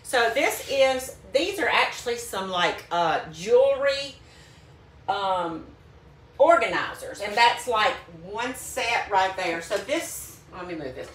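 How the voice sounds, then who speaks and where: A woman's voice: medium pitch, lively intonation, takes it slowly, fairly bright tone. A woman selling beauty products, talking casually and upbeat to her phone camera at home. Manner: chatty, upbeat, says "like" often. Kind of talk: casual vlog.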